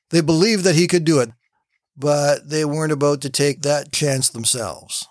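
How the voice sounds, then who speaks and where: A man's voice: mid-range voice, no echo, studio quality. A man hosting a short daily devotional, telling stories and reading scripture in an easygoing, conversational way. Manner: easygoing, conversational, inviting listeners to relax. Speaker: host of a daily devotional program. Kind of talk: short devotional talk with storytelling.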